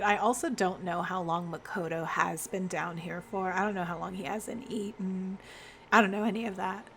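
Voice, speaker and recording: A woman streamer chatting casually over a game, giggling often and reacting out loud. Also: mid-range voice, creaky, slight background noise.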